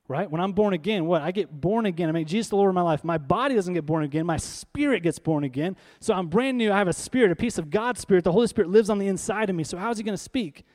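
Male pastor, slightly high-pitched voice, conversational emphatic sermon delivery. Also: darkish tone. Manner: conversational, emphatic preaching with rhetorical questions.

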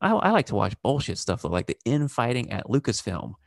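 A man's voice: mid-range voice, big pitch swings, brisk, gravelly, dry recording, clean studio sound. A man hosting a podcast in casual chat, rambling and swearing freely. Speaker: podcast host.

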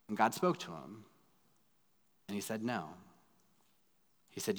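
A man in his thirties, a pastor preaching a sermon in a dramatic way, going from loud pleading to hushed asides. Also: mid-range voice, moderate pace. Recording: long hall reverb.

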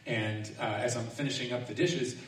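Relaxed male preacher in an echoing hall. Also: mid-range voice, moderate pace. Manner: relaxed, self-mocking storyteller who often laughs. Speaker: pastor. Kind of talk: sermon. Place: large echoing hall or sanctuary. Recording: echoey room, distant mic, faint noise.

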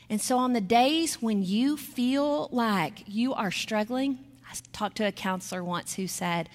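A woman's voice: fairly high pitch, pushed and bright. A middle-aged woman giving a sermon as a guest speaker, earnest and storytelling, reading scripture aloud. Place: church sanctuary. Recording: long hall reverb.

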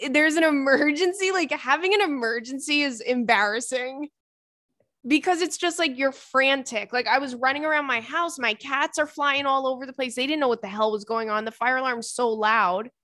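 A woman's voice: high-pitched, moderate pace, bright, forceful tone, no echo, clean studio sound. A young woman hosting a podcast in casual, chatty talk, reading listener emails aloud with lots of fillers and swearing. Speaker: podcast host.

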